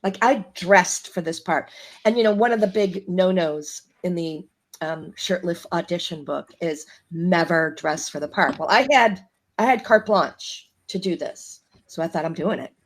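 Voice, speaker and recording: Lively storytelling woman from Chicago. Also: on the low side, unhurried. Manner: animated, laughing, acts out quoted voices. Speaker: guest actress. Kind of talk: casual storytelling.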